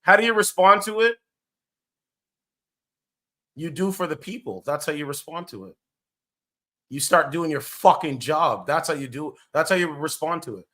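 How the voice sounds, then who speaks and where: A man's voice: a little high, expressive, normal speed, long pauses, pushed and bright. A man giving casual, blunt reaction commentary, rambling and swearing as he goes. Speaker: streamer commentator.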